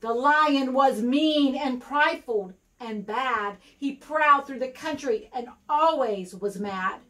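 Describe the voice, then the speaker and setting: An American woman reading a rhyming picture book aloud to kindergarten children, expressive and sing-song. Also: high-pitched, slow, far from the mic, poor audio. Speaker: guest reader for kindergarten.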